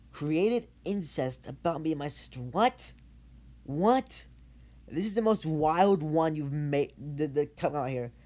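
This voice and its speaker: A young man speaks in a rambling, defensive monologue, circling back to repeat his points. His voice sits a little high. The recording is muffled and lo-fi. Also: mellow. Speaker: channel creator. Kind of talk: rebuttal video monologue. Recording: dull lo-fi mic.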